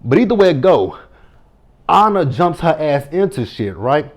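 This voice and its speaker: A man's voice: fairly high pitch, sing-song, normal speed. A man in his thirties giving a casual reality TV recap, blunt and profane, speaking straight to the cast members and stressing his words. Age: 30s.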